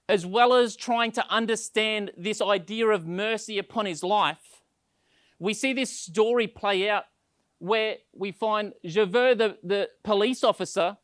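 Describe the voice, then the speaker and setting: A man preaching a sermon with a voice that sits a bit high for a man. He tells stories and acts out the lines of the people in them, often stumbling over the first word of a sentence. The sound is dry and close, with no room echo. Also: a bit bright. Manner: storytelling with acted quotes, repeats words when starting sentences. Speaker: pastor.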